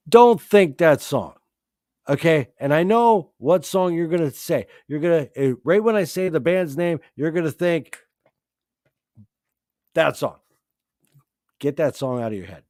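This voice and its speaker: A man hosting a live stream, talking excitedly about his favourite rock albums, swearing freely and often restarting his sentences. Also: medium pitch, no echo, clean studio sound. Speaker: host. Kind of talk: live-stream music chat.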